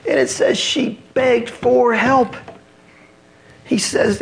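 A man's voice: very high-pitched, sing-song, takes it slowly, vocal fry. A middle-aged man preaching a sermon, telling the story with acted-out voices and rising intensity. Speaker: pastor.

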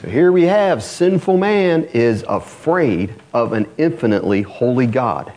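A man, the pastor, preaching a sermon in an animated, conversational way, often asking the congregation rhetorical questions. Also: mid-range voice, unhurried.

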